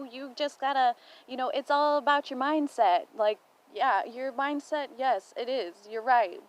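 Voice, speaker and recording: Higher-voiced young woman vlogging at home. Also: poor audio. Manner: encouraging, thinking aloud. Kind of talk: reflective personal vlog. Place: home indoors.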